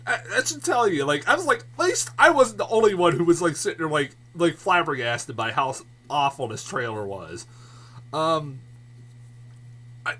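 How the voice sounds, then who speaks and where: Bright, animated man ranting about movies. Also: on the high side. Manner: profane, rambling, laughs often; gets loud and worked up. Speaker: movie reviewer. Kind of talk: casual vlog rant.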